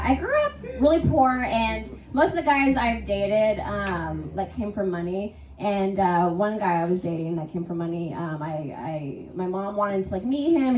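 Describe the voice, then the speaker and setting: A young woman doing a stand-up comedy set, rambling and crude, giggling often through her confessional stories. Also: mid-range voice. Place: comedy stage before a live audience. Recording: roomy, distant mic, faint audience noise.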